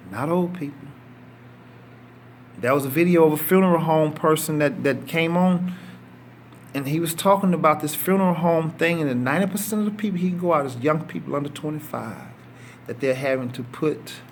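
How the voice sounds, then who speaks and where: Fired-up middle-aged minister, voice sits a bit high, leans hard on words. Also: male voice, slight background noise. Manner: impassioned, emphatic preaching with drawn-out stresses. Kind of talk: sermon.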